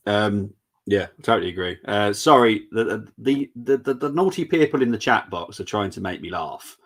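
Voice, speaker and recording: Male stream host, low voice, easygoing chat with asides. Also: moderate pace. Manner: relaxed, chatty, reacting to live chat with asides. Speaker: host of a fan watch-along stream. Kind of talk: casual fan chat.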